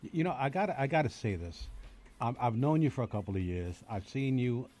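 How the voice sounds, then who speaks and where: A man's voice: mid-range voice, very animated, a little fast, darkish tone. A man hosting a casual chat, a DJ who talks in an encouraging way and often repeats his words. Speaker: host and DJ.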